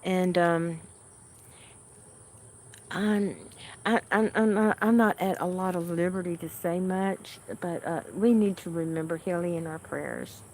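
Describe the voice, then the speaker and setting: A fairly low, steady-toned woman's voice comes through with a little hiss or hum. She's hosting a livestream, casually and unhurriedly answering viewers' chat comments in a homey way and laughing softly often.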